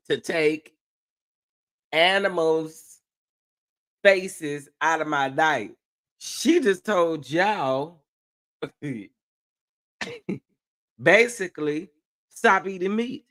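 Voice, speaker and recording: A man's voice: a little high, very slow, pauses often, a bit bright. A man hosting reaction commentary, incredulous and amused, laughing often as he talks. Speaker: commentary host.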